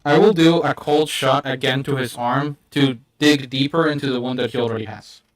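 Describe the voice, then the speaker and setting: A man's voice: medium pitch, fairly even intonation, moderate pace. A man playing in a tabletop game, describing his character's moves in casual, sometimes profane chat. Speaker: player.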